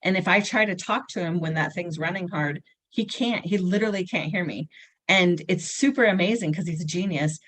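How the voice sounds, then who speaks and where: A woman's voice: on the low side, a little fast. A woman in her thirties, a family coach chatting casually and acting out her children's lines as she tells stories. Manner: animated storyteller, acts out her kids' lines. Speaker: guest, family dynamic coach. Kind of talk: casual chat.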